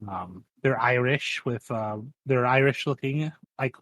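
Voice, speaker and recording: A man playing a tabletop game, describing his character in a rambling, halting, cinematic way. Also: medium pitch, fairly bright tone, no echo. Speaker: player. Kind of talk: casual tabletop game chat.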